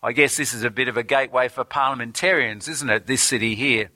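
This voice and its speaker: Earnest preacher with a bright, forceful voice. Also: male voice, mid-range voice, fast, no echo. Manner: earnest, reads scripture aloud, asks rhetorical questions. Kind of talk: sermon.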